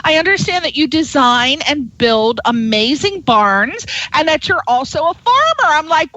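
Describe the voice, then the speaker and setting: High bright woman radio host, swoopy animated voice, dry slightly dull sound. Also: a little slow, hardly any pauses, dry recording. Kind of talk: radio interview.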